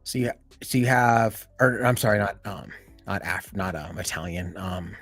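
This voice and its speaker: A man hosting a live stream in casual chat, rambling and filling every pause with "you know" and "like". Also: low voice, fairly bright tone, breathy edge, no echo, soft background music.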